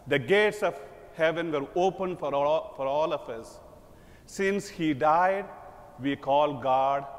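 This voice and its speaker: A man preaching a sermon as a priest, slow and emphatic, voicing quoted lines with dramatic lift. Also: fairly high pitch. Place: large church. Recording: long church reverb.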